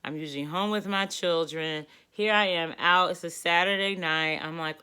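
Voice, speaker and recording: A woman from the Washington DC area telling a personal story in a casual, animated, exasperated way. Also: on the low side, moderate pace, few pauses, smooth.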